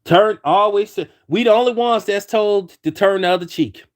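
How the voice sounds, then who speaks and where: A man with a high-pitched voice delivers a fired-up opinion rant. He talks in bursts and keeps restarting and repeating his phrases as he presses his argument. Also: normal speed. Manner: heated, repetitive, many restarts. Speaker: commentator. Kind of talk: ranting opinion commentary.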